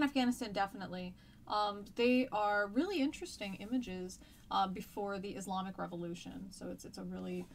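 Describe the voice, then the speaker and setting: A woman, a history teacher chatting casually during a live-streamed lesson, rambling with many fillers and restarts. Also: mid-range voice.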